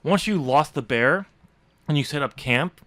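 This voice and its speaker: A man's voice: fairly high pitch, lively intonation, a little slow, a bit bright, dry recording. A man hosting a casual podcast, teasing his co-host with sarcasm and hesitant ums. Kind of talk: casual banter.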